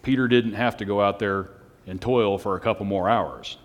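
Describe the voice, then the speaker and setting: A man's voice: lowish voice, fairly even intonation, moderate pace. A man preaching a casual sermon to a small group, conversational, asking the room questions and chuckling. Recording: long hall reverb.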